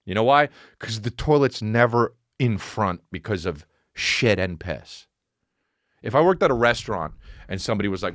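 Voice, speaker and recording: Brief: male podcast host spinning a crude, animated anecdote, very expressive pitch, dead-dry studio mic. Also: normal speed, no room sound. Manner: profane, animated, rising to a high excited pitch as the story builds. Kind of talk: comedic storytelling monologue.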